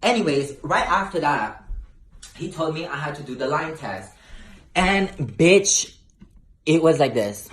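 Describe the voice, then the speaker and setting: A man's voice: a little high, animated, measured pace, long pauses, a bit bright. A young man telling a brash, profane story in a sassy storytime vlog. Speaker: vlogger. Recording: roomy echo.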